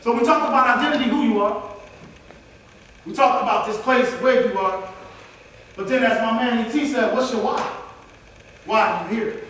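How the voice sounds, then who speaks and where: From far off in an echoey large hall with faint noise, a man with a very high-pitched, slightly bright voice delivers a motivational speech at a moderate pace, pausing often. He preaches like a minister, calling out to the crowd.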